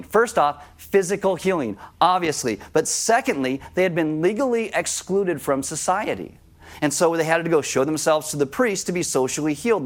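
A man with a somewhat high voice preaches a sermon to his congregation. He talks with them in a conversational way and turns lively when he acts out a scene. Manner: conversational, addresses congregation directly. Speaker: pastor.

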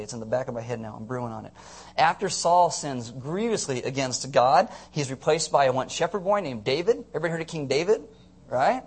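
A man preaching a teaching sermon to a congregation, playful and jokey, often checking that listeners are following. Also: a little high. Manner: playful, jokey asides, audience check-ins. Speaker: pastor.

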